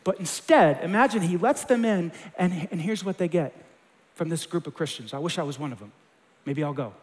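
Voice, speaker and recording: A man preaching a sermon, impassioned and quoting scripture, with quick acted asides. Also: a little high, animated. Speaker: pastor. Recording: long hall reverb.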